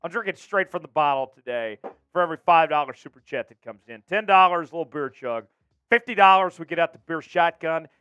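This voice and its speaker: A man's voice: a little high, brisk, smooth, lo-fi sound. A man hosting a casual sports talk livestream, upbeat, reading out viewer messages and chatting with his co-host. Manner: upbeat, reads viewer messages and shouts chants. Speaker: show host.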